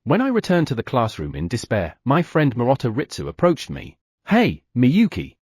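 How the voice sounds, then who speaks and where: A man narrating an audiobook in the first person with expressive delivery. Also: medium pitch, a little fast, breathy edge, no room sound, studio quality.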